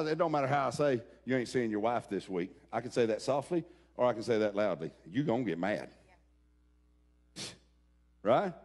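A man preaching a sermon, folksy and direct with his congregation. His voice sits high with a gravelly edge. The pitch swings widely as he drives his points home and breaks into shouts. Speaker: pastor.

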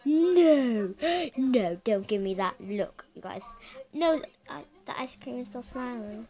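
A woman's voice: medium pitch, unhurried, a little mellow. A woman giving casual reaction commentary as a vlogger, chatty and exclaiming, often calling out to her viewers. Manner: chatty, exclaiming, keeps addressing viewers as "you guys".

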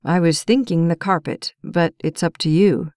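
A steady, soft-spoken male firefighter, as a woman narrator voices him in a romance audiobook. His voice sits low and hushed, calm and quietly coaxing. It sounds close and dry. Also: moderate pace, no echo, lightly acted. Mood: gentle. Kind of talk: audiobook character voice.

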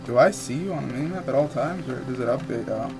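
A young man gaming with a friend, talking loud, profane, jokey trash talk. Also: medium pitch, animated, fast talker, music in the background. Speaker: gamer. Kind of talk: casual gameplay banter. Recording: noisy recording.

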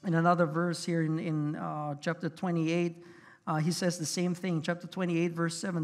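A man's voice: on the high side, little pitch movement, normal speed, long reverb tail. A pastor delivering a sermon in an earnest, conversational way, often restarting his sentences. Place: church sanctuary.

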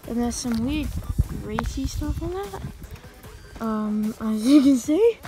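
Woman vlogger, high unhurried voice, rambly and casual, phone mic outdoors, background music playing. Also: animated, poor audio. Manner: rambling, many ums. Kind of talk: casual vlog narration. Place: outdoors on a farm. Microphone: handheld phone camera.

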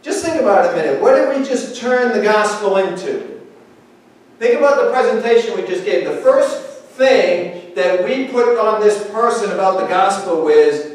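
A man preaching a sermon as pastor, talking in a conversational, animated way and acting out little dialogues. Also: high voice, normal speed. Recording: echoey hall, speaker far from mic.

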